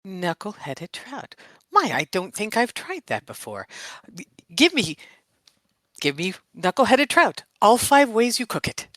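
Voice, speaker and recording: A woman's voice: mid-range voice, very animated, measured pace, fairly bright tone, no room sound. A woman playing a tabletop game, speaking in character in a prim, overly polite way. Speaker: player.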